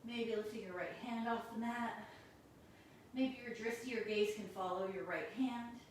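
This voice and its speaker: A woman teaching a guided yoga class, giving calm, encouraging cues while doing the poses and a little out of breath. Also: a little high, moderate pace, heavy reverb, distant mic, slight background noise, rough recording. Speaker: yoga instructor.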